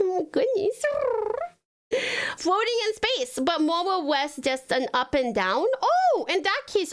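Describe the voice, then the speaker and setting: A woman streaming live, chatting with viewers in a put-on sugary baby-talk voice, giggling and calling them sweetheart and darling. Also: sits high. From Tasmania, Australia.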